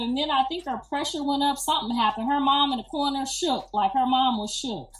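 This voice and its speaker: Grandma type lady telling a story all loud and emphatic, cussing, kinda high voice, echoey room, mic far off, faint music behind. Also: brisk, hardly any pauses. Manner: animated, emphatic, profane, slangy. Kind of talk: casual storytelling.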